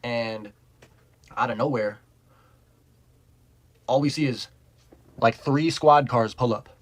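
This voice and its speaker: A young man rambles through a casual storytime at an unhurried pace, his medium-pitched voice laughing as he goes. He swears a lot, leans hard on "like," and stays animated throughout, with background noise behind him.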